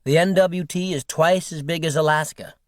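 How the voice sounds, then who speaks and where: Man voicing a young bush pilot, friendly and boastful, slightly high voice, dry close sound. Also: steady tone, normal speed, no echo, natural voice. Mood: proud. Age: 20s. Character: cheerful young male Canadian bush pilot.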